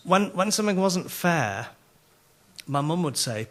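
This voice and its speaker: Animated Yorkshire man preaching with humor. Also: on the high side, unhurried. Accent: Yorkshire English. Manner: animated, self-mocking storyteller. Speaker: conference speaker. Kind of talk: sermon with humorous stories.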